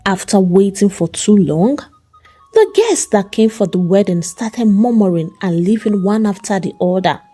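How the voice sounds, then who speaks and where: A woman narrating a folk tale with lively storytelling. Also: medium pitch, moderate pace, soft background music. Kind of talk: scripted narration.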